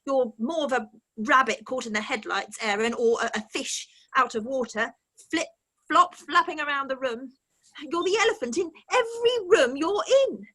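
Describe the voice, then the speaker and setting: Woman as a taunting interrogator, high, bright, probing. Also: expressive, normal speed, heavily acted. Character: mocking female interrogator, mother-daughter-holy-spirit figure. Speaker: actor in an online script reading. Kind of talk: online script reading. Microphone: video call mic.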